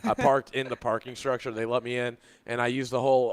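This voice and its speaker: A man's voice: medium pitch, fairly even intonation, fairly quick, clear, resonant tone. A man co-hosting a sports radio show, talking basketball in a loose, rambling way full of restarts. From Louisville, Kentucky. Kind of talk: casual sports talk. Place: radio studio.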